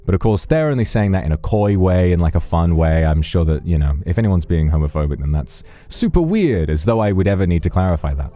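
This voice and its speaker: A man's voice: deep voice, expressive, brisk, few pauses, warm tone. A man chatting casually on a livestream, rambling and wry, often breaking off mid-sentence. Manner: rambling, self-interrupting, wry. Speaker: streamer.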